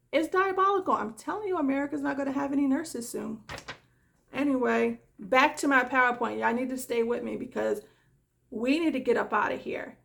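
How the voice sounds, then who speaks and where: Exasperated nurse, high creaky woman's voice. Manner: exasperated and emphatic. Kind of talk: casual vlog commentary.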